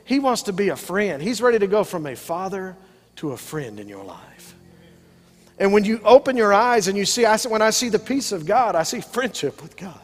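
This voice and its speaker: A man's voice: high-pitched, very animated, a little fast. A middle-aged male pastor preaching a sermon, emphatic, with frequent call-outs to the congregation. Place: church sanctuary with congregation. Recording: live hall reverb.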